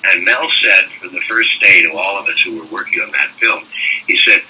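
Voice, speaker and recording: An older man, a voice actor, telling animated anecdotes in a casual interview and slipping into mock French-accent bits. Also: deep voice, a little fast, slightly rough. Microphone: phone call. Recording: distant phone-call audio.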